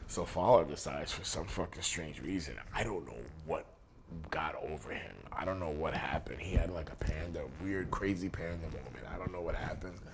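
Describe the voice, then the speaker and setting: A man's voice: very deep voice, moderate pace, noisy background. A middle-aged man, a pro wrestler, telling a crude road story as an interview guest, swearing constantly and laughing through it. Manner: profane, laughs through his own stories. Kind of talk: casual storytelling anecdote.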